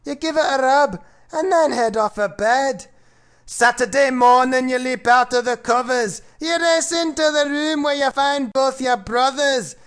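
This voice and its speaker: A man's voice: extremely high pitch, measured pace, a bit bright. A man putting on a hammy Scottish brogue. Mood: storytelling. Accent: put-on Scottish. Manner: hammy, playful, exaggerated. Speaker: storyteller. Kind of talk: comic rhyming children's story reading.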